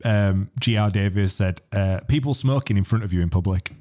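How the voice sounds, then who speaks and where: A man's voice: on the low side, moderate pace, warm tone. A man co-hosting a podcast. He reads out listener comments and teases his co-host. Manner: teasing, reads comments aloud. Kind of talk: casual podcast banter.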